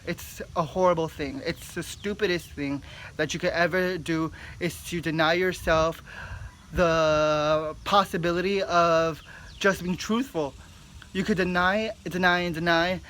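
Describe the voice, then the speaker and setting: A young man with a high voice tells a personal story straight to the camera, rambling and heated, packing his sentences with "like". A faint hum of ambient noise sits under his voice. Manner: rambling, heated and animated, with frequent "like" fillers. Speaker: vlogger. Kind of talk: emotional storytime monologue.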